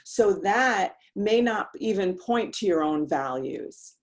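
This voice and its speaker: A woman's voice: mid-range voice, lively intonation, slow. A woman coach gives a motivational talk aimed at women. She speaks emphatically and directly, dropping in casual slang as she presses her point. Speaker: women's life coach, host.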